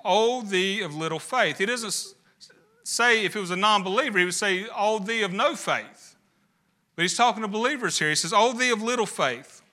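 A man's voice: high-pitched, bright, forceful tone. A man preaching a sermon, building emphasis with rhetorical questions. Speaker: pastor.

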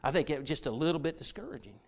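A man preaching a sermon to his church, folksy and direct with the congregation, often building to loud, fervent stretches. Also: a little high, animated, rapid-fire, vocal fry. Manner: folksy, talks straight to the congregation, builds to shouts.

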